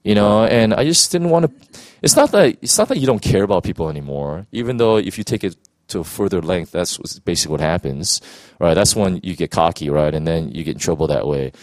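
Lively, earnest low-voiced man. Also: a little fast, no echo. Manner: emotional, earnest, many restarts and "you know"s. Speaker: pastor. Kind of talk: personal testimony in conversation.

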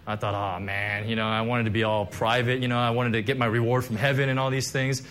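A man's voice: medium pitch, flat delivery, fast, fairly bright tone, slight background noise. A man preaching a sermon, telling a personal testimony in a conversational, emotional way with many fillers and restarts. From Korean heritage, church background. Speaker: pastor.

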